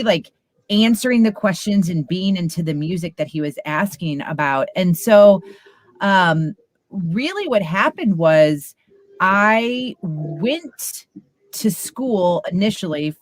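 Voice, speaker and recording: A woman's voice: lowish voice, dry recording, studio quality. A woman who used to host radio, chatting easily as a podcast guest, laughing often and telling stories. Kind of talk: casual interview chat.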